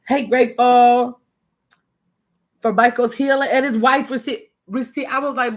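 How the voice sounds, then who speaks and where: A woman hosting a casual live stream, greeting viewers by name and telling a story in a chatty, animated way. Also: on the high side, unhurried. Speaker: livestream host. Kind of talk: casual live chat reading viewer comments.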